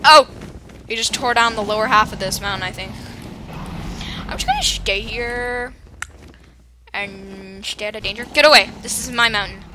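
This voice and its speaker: A woman's voice: mid-range voice, normal speed, long pauses, noisy background. A woman giving playful, silly commentary while playing a video game. She cracks jokes at the other players and bursts into dramatic screams and exclamations. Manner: jokey asides to other players. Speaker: gaming YouTuber.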